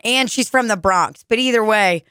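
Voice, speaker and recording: A woman's voice: on the high side, normal speed, bright, forceful tone, smooth, no echo, studio quality. A young woman hosting a podcast, chatting casually, swearing often and laughing as she rambles through stories. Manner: profane, laughing, rambling storyteller. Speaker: podcast host.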